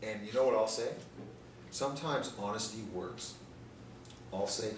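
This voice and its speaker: A man's voice: lowish voice, measured pace. A man leading a live dating seminar Q&A, brash, profane and joking, often laughing. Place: seminar room with audience. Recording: echoey room from a distance, audience noise.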